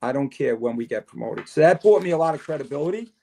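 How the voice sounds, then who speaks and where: Fast-talking and creaky, with a mid-range voice, an older man guests on a podcast as a retired fire chief. He relates long tales in a casual interview, animatedly performing the conversations inside them.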